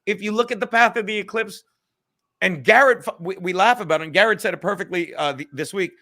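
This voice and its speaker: Male stream host, high bright voice, profane and rambling. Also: fast talker. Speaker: livestream host. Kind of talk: livestream chat.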